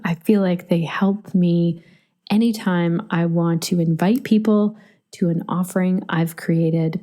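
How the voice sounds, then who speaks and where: Mellow-voiced woman podcast host. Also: fairly low pitch. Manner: chatty, storytelling, laughs easily. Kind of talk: solo podcast monologue.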